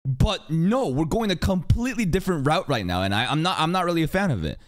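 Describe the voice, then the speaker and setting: A man chatting casually and excitedly, swearing often while reacting to an anime episode. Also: on the high side, quick pace.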